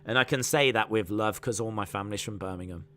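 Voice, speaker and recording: A man's voice: on the low side, quick pace, bright, forceful tone, slight background noise. A man hosting a live fight watch-along, chatting with viewers, reading out their comments and calling the action. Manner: calls the fight action play-by-play. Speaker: live-stream host.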